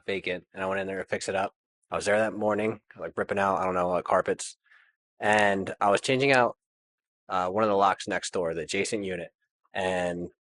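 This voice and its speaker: A man's voice: low-pitched, fairly bright tone, dry recording. A man, a landlord guest, telling his story casually with lots of fillers and nervous laughs.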